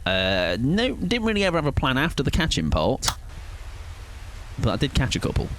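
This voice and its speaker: A man's voice: mid-range voice, wildly swooping pitch, moderate pace, a bit bright. A man chatting casually with viewers while streaming a game, playful and rambling, chuckling often. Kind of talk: casual live-stream chat while gaming.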